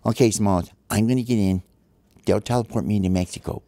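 A man's voice: on the low side, a little fast, warm tone, no room sound, lightly acted. A man voicing earnest buddy Ollie. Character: brave but nervous buddy Ollie, going first.

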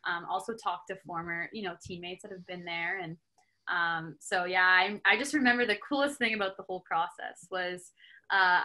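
A woman's voice: medium pitch, pushed and bright. A young woman from Canada, a hockey player and podcast guest, chatting casually with many filler words. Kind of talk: casual interview chat.

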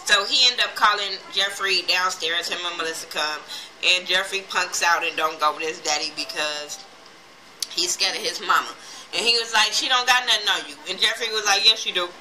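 Casting: woman reviewer, blunt and profane, bright forceful voice, a little low, faint noise behind. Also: normal speed, low-quality recording. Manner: blunt, profane, animated retelling with quoted voices. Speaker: TV episode reviewer. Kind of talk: casual recap vlog.

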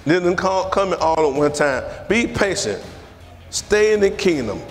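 Animated man preaching in a reverberant hall. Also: sits high, normal speed, soft background music. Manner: animated storytelling, repeats phrases, laughs. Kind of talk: sermon with personal testimony.

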